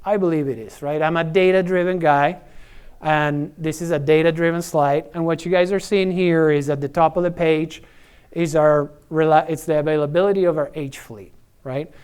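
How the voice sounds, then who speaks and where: Man, middle-aged, conference presenter, smooth resonant voice, chatty with fillers and restarts. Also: fairly high pitch, fairly even intonation, normal speed, a little mellow. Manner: conversational, frequent fillers and repeated words, tag questions. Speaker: energy services executive presenting.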